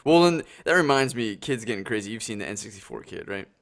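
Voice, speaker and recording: A man's voice: on the low side, expressive, fast, gravelly, fairly bright tone. A young man hosting a podcast over a call, chatting eagerly and swearing freely. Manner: enthusiastic, swears casually. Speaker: podcast host. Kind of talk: casual chat over a call. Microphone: video call.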